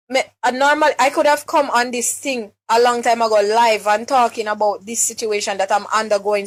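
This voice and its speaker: Distraught Jamaican woman pleading. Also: fairly high pitch. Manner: pleading, repeats words and restarts, questions her listeners. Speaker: distressed mother speaking on a live stream. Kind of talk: emotional live-stream plea.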